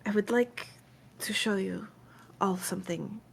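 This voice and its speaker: A woman's voice: medium pitch, a little slow, gravelly, a little hiss or hum. Woman voicing a frightened, tearful young woman in whispered role-play. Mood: fearful. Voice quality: soft, shaky.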